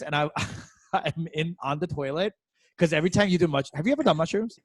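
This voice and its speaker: Animated laughing man telling a story. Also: a little high, fast talker, no echo. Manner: animated, laughs often, acts out quotes in exaggerated voices. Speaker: comedy podcast co-host. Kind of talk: casual chat, storytelling.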